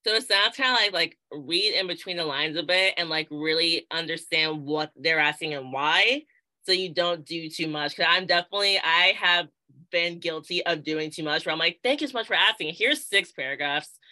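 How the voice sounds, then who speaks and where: A woman coach hosts a podcast in a casual chat, her voice bright and forceful while sitting fairly low. She is bubbly and self-deprecating, laughing often and acting out her own thoughts. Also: normal speed. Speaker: podcast host, powerlifting coach.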